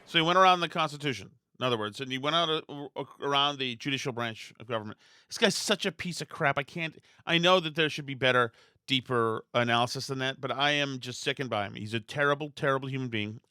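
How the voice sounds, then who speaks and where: A man's voice: mid-range voice, fast, bright, forceful tone, clear, resonant tone, no room sound, studio quality. A man hosting a political commentary podcast, ranting bluntly and scornfully with frequent restarts. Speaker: podcast host.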